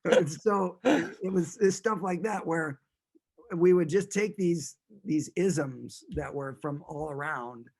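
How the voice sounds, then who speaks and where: A man's voice: a little high, slow pace, gravelly, a little mellow. A man telling stories as a guest in a casual interview, rambling and amused, with frequent restarts.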